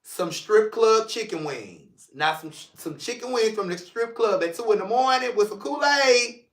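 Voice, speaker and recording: A high-voiced man hosting his own talk show, loose and joking, then turning earnest. His tone is bright and ringing. The room around him echoes. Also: unhurried. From St. Louis, Missouri. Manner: animated, joking, drifts between playful and emotional. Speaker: podcast host. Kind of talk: casual solo livestream talk.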